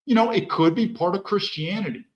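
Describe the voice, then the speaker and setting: A man's voice: sits high, fairly quick, muffled recording. A man hosting a podcast with heated political commentary, firing off rhetorical questions and swearing freely. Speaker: podcast host. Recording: echoey room.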